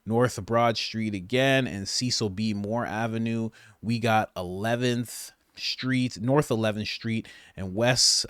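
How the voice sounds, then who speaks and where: A man's voice: lowish voice, fairly even intonation, slow, few pauses, fairly bright tone, clear, resonant tone, no room sound, clean studio sound. A man hosting a political commentary vlog, ranting in an exasperated tone and laughing at his own stumbles.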